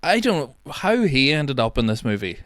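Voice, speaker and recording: A man's voice: medium pitch, sing-song, normal speed, fairly bright tone, no room sound. Male podcast co-host, casual and rambling, swears freely, dry close-miked sound. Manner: rambling, trails off, quotes scenes, swears casually.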